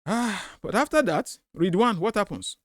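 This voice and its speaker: A man's voice: high voice, animated, normal speed, no room sound, clean studio sound. A man hosting a commentary on a debate clip, emphatic and repeating his points to drive them home. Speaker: host of a commentary video.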